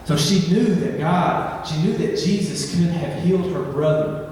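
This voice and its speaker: A man's voice: a little high, unhurried, a little mellow, distant mic, slight background noise. Young man preaching in echoey hall. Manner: conversational and joking, builds to impassioned pleading. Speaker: campus ministry preacher. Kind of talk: sermon.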